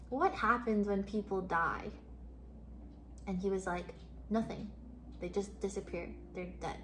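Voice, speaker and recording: A young woman chatting to her stream, telling stories with lots of laughter and casual swearing. Her voice sits fairly high and stays animated throughout. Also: slight background noise. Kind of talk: casual storytelling to stream chat.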